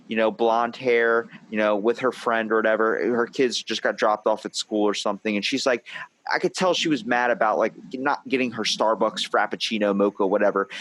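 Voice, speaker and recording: A young man hosting a podcast, chatting casually in an average-pitched voice. He tells his story in a rambling way, with many fillers and restarts. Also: a bit bright, poor audio. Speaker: podcast host. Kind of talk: casual conversation.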